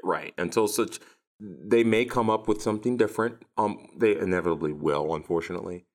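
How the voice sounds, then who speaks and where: A man's voice: sits low, a little fast. A man co-hosting a casual conversation, rambling with many restarts and a sardonic edge.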